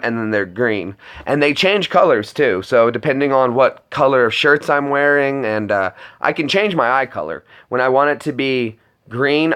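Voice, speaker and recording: A man's voice: mid-range voice, fairly bright tone. A man chatting casually to viewers on a live stream, rambling with lots of restarts.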